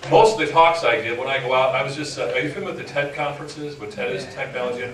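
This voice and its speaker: A man's voice: medium pitch, fast, crowd noise. A man who hosts talk radio giving a frank, joking motivational talk to a live audience. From Upper Michigan. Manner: frank, joking, animated storyteller. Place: indoor meeting room with audience. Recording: echoey room, far from mic, noisy.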